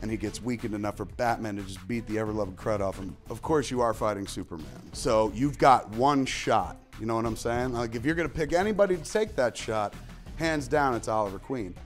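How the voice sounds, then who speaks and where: A man in his forties co-hosting a casual comic-book debate, animated and swinging between loud and quiet, acting out the characters he quotes. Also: lowish voice, brisk, faint music behind. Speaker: co-host.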